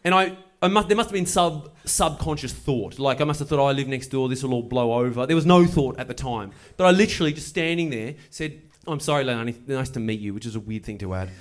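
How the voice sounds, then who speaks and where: A man doing stand-up, telling a story with wry, deadpan delivery and playful asides. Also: mid-range voice, fast, hardly any pauses. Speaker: stand-up comedian. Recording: live show with audible noise. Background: audience laughter.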